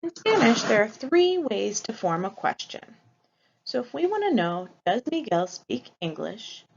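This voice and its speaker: A woman's voice: on the high side, sing-song, measured pace, vocal fry, a little hiss or hum. A woman teaching a recorded Spanish lesson, explaining step by step and modeling example sentences aloud. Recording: dull lo-fi recording.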